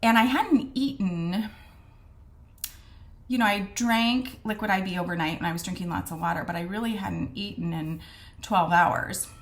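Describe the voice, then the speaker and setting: A woman's voice: mid-range voice, moderate pace. A woman casually telling her personal story to camera, frank and chatty, acting out the conversations she recalls. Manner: chatty, retells scenes with quoted dialogue; frank, with mild swearing and many fillers. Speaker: vlogger sharing her diagnosis story.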